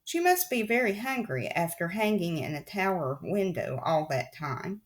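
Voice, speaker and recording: A woman's voice: lowish voice, lively intonation, normal speed, lightly acted. A woman voicing a resourceful, eager teenage girl in an audiobook reading. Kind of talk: audiobook character voice.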